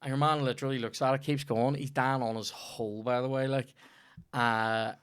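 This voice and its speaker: A man's voice: mid-range voice, flat delivery, moderate pace, a bit bright, clear, resonant tone. A young man, a comedian chatting casually on a podcast and telling rambling, sweary stories.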